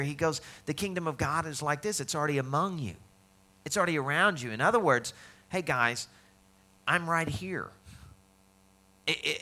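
A man preaching a sermon in a bright, forceful voice. His delivery is conversational, and he slips into the voices of the people he quotes. He sounds like a pastor speaking to his congregation. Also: on the high side.

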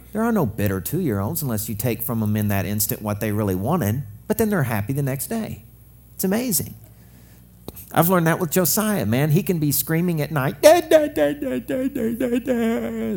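Male pastor, young adult, husky voice, animated joking sermon delivery. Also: medium pitch. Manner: lively, joking preacher acting out quotes.

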